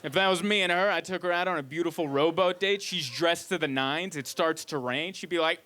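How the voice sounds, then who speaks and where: A man doing stand-up, telling a story with animated mock exasperation on a comedy club stage. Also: a little high, a little fast, few pauses.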